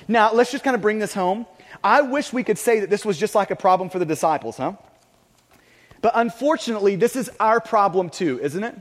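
A man's voice: high voice, lively intonation, fairly quick. A male pastor preaching a sermon earnestly, often stammering and repeating words. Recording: long reverb of a large hall.

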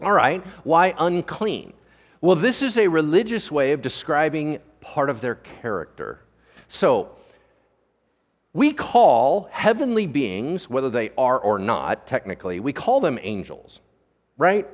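Male pastor, sermon, playful and animated, higher voice, reverberant church hall. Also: a little slow. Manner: animated, joking, asks the room questions.

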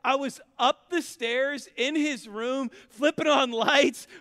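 Male pastor, thirties, storytelling sermon with emphatic repeated lines, high ringing voice, long reverb. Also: fairly even intonation, slow pace, sharp tone. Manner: conversational storytelling preaching, builds to emphatic repetition.

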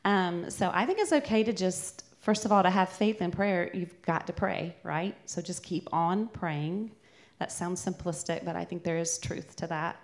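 A woman's voice: lowish voice, normal speed. A woman on a church panel answering candidly and frankly about prayer.

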